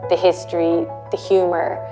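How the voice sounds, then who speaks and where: A woman with an Irish accent speaks in a loose, conversational way, leaning on "like" and "kind of" as she thinks aloud. Her voice sits a little on the low side. Soft music plays faintly underneath. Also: little pitch movement, normal speed. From Ireland. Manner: chatty, fills with "like" and "kind of". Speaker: fashion designer. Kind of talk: casual reflective interview.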